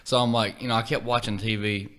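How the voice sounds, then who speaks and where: A man guesting on a podcast talks in a bright, forceful voice. He tells stories in a lively, animated way and acts out what people said. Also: lowish voice, quick pace. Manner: animated storytelling, acts out quotes. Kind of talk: casual chat.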